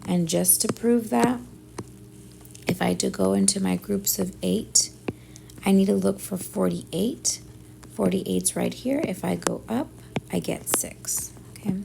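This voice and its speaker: A woman teacher working through division word problems step by step, thinking aloud and often dropping to a soft near-whisper. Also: mid-range voice, creaky, noisy background. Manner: thinks aloud step by step, often softly under her breath. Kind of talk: math lesson walkthrough.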